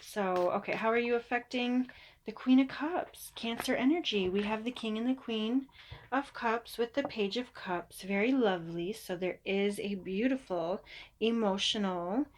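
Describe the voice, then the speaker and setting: A woman reads tarot cards in an easy, conversational way. She takes her time, with a pitch in the middle of the range. Her tone is chatty and reassuring. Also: unhurried, a little hiss or hum. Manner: chatty, reassuring, slips into mock voices. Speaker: tarot reader. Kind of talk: casual tarot reading.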